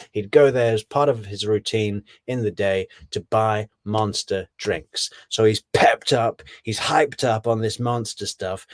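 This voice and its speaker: A man's voice: lowish voice, no echo. A man giving casual, rambling commentary on a true crime case, often correcting himself on names.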